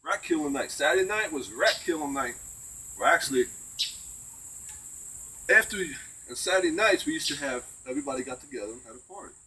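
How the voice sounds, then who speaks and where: A man's voice: on the high side, animated, a little fast, long pauses, sharp tone, slightly rough. An older man tells rambling, folksy stories of the old days in a casual chat, often tossing in "right?". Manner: rambling folksy yarn-spinning with tag questions. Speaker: storyteller. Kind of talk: casual outdoor chat, telling old tales. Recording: distant mic, faint crickets.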